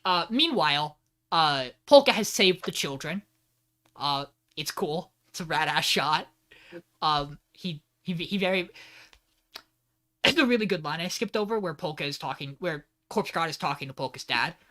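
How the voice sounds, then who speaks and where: A man hosting a podcast, casually recapping anime episodes in an animated, rambling way, swearing freely. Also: on the high side, normal speed. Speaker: podcast host.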